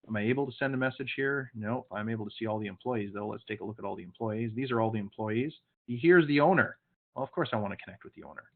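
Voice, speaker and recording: A man leading an online sales training session, coaching his group directly and sometimes sternly. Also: medium pitch. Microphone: video call. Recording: phone-like video call audio.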